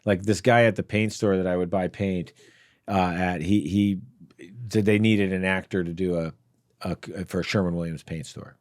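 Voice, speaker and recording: Lowish-voiced podcast guy telling meandering stories, lots of restarts, dry sound. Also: fairly even intonation, moderate pace, darkish tone, no room sound. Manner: rambling, hesitant anecdotes with many restarts. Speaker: podcast co-host and actor. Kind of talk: casual podcast chat.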